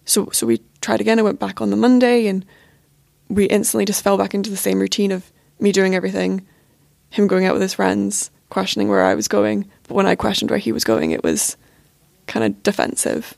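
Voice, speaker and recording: Gravelly-voiced young woman telling her story. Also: medium pitch, fairly quick, a little mellow, no echo. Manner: casual, frequent filler words. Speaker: podcast guest. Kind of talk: personal storytelling.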